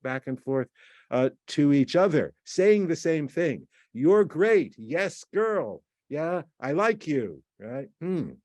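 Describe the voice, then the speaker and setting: Brief: male lecturer, mid pitch, explanatory and repetitive, dry close-miked sound. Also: a little mellow, dry recording. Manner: explanatory, repeats words, acts out quoted texts. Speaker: university lecturer. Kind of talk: recorded lecture.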